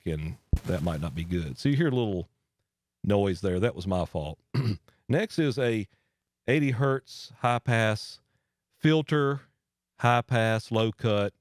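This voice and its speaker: Brief: man, lowish voice, dry close studio mic, easygoing gear-demo host. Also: no echo. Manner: relaxed, folksy explaining with asides. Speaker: audio gear tutorial host. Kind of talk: casual hands-on equipment demo. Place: home studio with air handler running. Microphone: dynamic studio mic through a voice processor.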